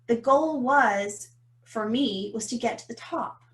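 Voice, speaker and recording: A woman, co-hosting a podcast and telling a story about business in an animated, emphatic way. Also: on the high side, slow pace. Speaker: podcast co-host. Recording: roomy echo.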